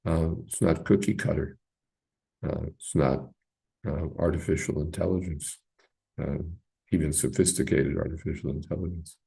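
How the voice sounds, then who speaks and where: A man giving an informal, halting commentary on scripture to a class, with many pauses and fillers. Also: very deep voice, steady tone, vocal fry, warm tone, breathy edge. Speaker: teacher leading a scripture class.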